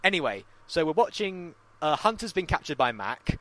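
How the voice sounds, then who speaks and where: A young man co-hosting a casual chat, telling stories with lots of energy. His bright voice swings widely up and down as he acts out what people said, and he swears freely. He sits a little higher in pitch than most men. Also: normal speed. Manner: animated storyteller, acts out quotes, swears freely. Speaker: podcast co-host.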